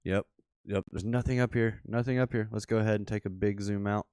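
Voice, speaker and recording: Man, Memphis Southern accent, casual chart commentary, rambling excited asides, lowish voice, dry close sound. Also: brisk, clean tone, no room sound. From Memphis, Tennessee. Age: adult father. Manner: rambling, thinks aloud with fillers and excited asides. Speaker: crypto streamer.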